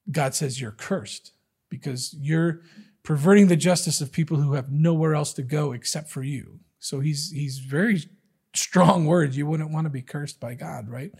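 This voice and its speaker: A man's voice: a little high, creaky, a little mellow, husky. A man preaching a sermon, teaching from the Bible in a conversational, emphatic way. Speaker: pastor.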